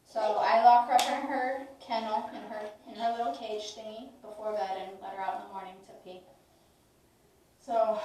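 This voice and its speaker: A woman's voice: medium pitch, a little mellow. A woman in her thirties chatting casually in a family vlog, talking to viewers and now and then slipping into sing-song baby talk with her toddler. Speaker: vlogger. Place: room at home, indoors. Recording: very echoey room, voice from a distance, faint noise.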